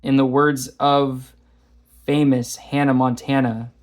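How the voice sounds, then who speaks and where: A man's voice: medium pitch, little pitch movement, slow pace. A man teaching a math lesson, walking through graphing problems in a chatty, self-deprecating way. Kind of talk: casual lesson walkthrough.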